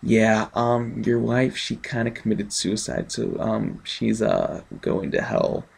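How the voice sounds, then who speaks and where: A man putting on a bored, deadpan priest who drawls in a flat, mumbled way like a dull office boss. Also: lowish voice, slow, vocal fry, slightly rough, heavily acted.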